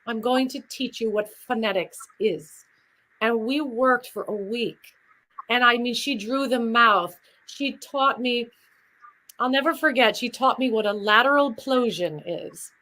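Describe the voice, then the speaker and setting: Bright middle-aged woman, chatty and animated, voice sits a bit high. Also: a little slow, rough recording. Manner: animated, chatty, drifts into demonstrations. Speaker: guest performer. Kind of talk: lively interview storytelling.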